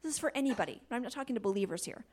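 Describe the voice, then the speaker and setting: A woman giving a faith-based talk on marriage, animated, laughing often and dropping into soft asides. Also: fairly high pitch, rapid-fire. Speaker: Christian marriage teacher.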